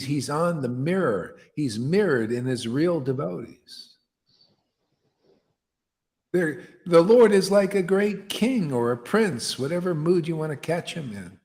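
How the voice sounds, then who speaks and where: A man's voice: on the high side, darkish tone. A man giving an impassioned devotional sermon as a spiritual teacher, blunt and fiery, dropping slang like "man". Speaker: spiritual teacher leading satsang. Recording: long hall reverb.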